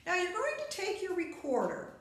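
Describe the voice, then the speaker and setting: A woman's voice: extremely high pitch, wildly swooping pitch, normal speed, heavy reverb. A woman teaching a beginner recorder lesson, patient and step by step, speaking straight to the viewer. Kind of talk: instructional video lesson.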